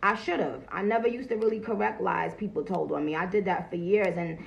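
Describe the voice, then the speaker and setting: This livestream host talks fast in a mid-range voice with some vocal fry, dropping profanity while welcoming people to her phone stream. The audio has its high frequencies clipped.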